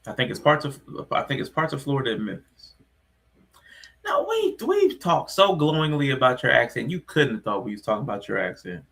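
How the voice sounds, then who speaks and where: A man's voice: medium pitch, wildly swooping pitch, brisk, gravelly, a bit bright. A man co-hosting a podcast, chatting in a laid-back, joking way. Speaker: podcast co-host. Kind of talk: casual chat.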